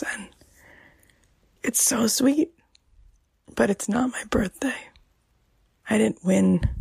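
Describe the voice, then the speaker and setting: A woman hosting a podcast, talking softly and emotionally, often dropping almost to a whisper. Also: on the high side, creaky, husky, dry recording. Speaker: podcast host. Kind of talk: personal podcast monologue.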